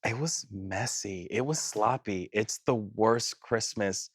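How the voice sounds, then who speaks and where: A man's voice: fairly low pitch, slow pace, no echo, voice pushed down. A man voicing a gossiping reindeer, talking in a campy, sassy way. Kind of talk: improv comedy.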